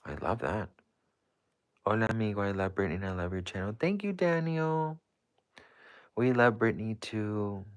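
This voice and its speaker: Deep-voiced man gushing on a livestream. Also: fairly quick. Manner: effusive and gushing, rambling with lots of "like". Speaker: livestreamer reading viewer comments. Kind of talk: casual live-stream chat.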